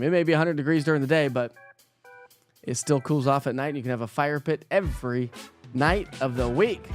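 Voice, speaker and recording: A man hosting a casual morning weather live stream, chatting with viewers, joking at himself and laughing often. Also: on the high side. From Colorado. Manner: chatty, self-mocking, laughs often, stumbles over words.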